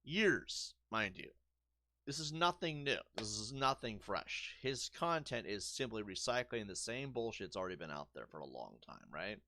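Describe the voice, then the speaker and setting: A man ranting sarcastically and profanely while he streams a game. His pitch swings widely as he talks. The sound is dry and close, with no room around him. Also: very animated, moderate pace, pushed and bright, no echo. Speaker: gaming streamer. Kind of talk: casual rant over gameplay.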